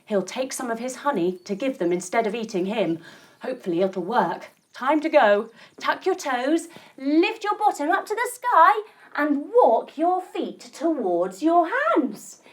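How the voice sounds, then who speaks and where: A woman's voice: high-pitched, unhurried. Sing-song woman guiding kids' yoga. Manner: animated, sing-song and encouraging. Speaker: kids yoga instructor and storyteller. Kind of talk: guided yoga storytelling for children.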